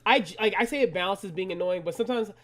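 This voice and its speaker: A man co-hosting a podcast in casual chat, animated and swearing freely. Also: sits high, fast. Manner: animated and profane. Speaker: podcast co-host.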